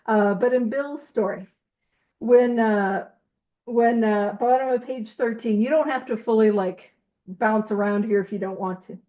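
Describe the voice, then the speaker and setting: A woman leading a casual group study, reading aloud and explaining in an animated, emphatic way with jokey asides, heard over a video call. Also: on the high side, a little slow, phone-quality sound.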